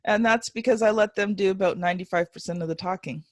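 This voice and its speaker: A woman's voice: mid-range voice, no echo, studio quality. Woman podcast host, encouraging. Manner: encouraging, quick to laugh along. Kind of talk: conversational interview.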